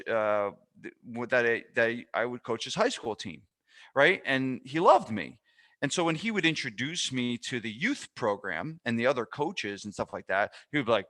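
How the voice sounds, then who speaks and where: Bright-voiced man hosting a podcast. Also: mid-range voice. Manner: animated storytelling with frequent restarts. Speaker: podcast host and fitness business mentor. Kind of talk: casual podcast chat.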